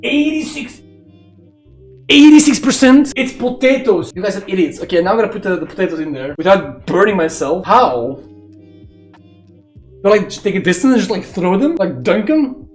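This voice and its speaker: Young man, streamer, excitable, swearing, loud outbursts, echoey kitchen. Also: high voice, fairly quick. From Belgium. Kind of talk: live-stream chat while cooking. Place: home kitchen. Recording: echoey kitchen with faint music.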